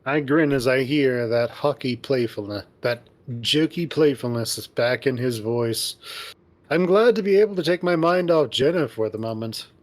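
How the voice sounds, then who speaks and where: A man's voice: mid-range voice, normal speed, lightly acted. A man voicing an upbeat young male furry friend who narrates in first person, encouraging and teasing, reading a visual novel aloud.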